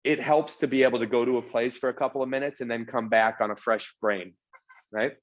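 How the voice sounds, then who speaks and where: A man's voice: medium pitch, fairly even intonation, brisk, lo-fi sound. A man being interviewed as a podcast guest, talking in an earnest, casual way and often repeating words as he starts a sentence. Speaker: podcast guest, real estate executive.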